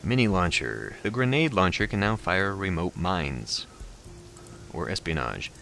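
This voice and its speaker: Male let's-play host, deep, unsure musing over game choices. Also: big pitch swings, measured pace, creaky, pushed and bright, faint music behind. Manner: hesitant, thinking aloud with fillers. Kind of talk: game commentary and reading aloud.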